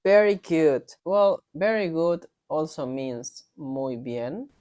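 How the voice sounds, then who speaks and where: A woman co-hosting a casual language lesson, telling stories in a lively way. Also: low voice, slow pace, no echo. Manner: lively, storytelling, non-native phrasing. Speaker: podcast co-host teaching Spanish.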